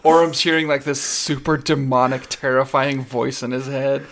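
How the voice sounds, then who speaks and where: A man's voice: mid-range voice, level tone, moderate pace, a bit bright. A man co-hosting a podcast, chatting casually and enthusiastically, laughing as he retells scenes. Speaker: podcast co-host. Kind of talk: casual chat.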